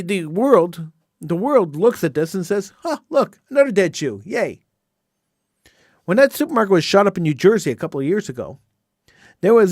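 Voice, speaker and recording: A man's voice: high voice, no room sound, clean studio sound. A middle-aged man hosting a call-in radio show, delivering an impassioned, indignant monologue with lots of repetition. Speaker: radio talk show host.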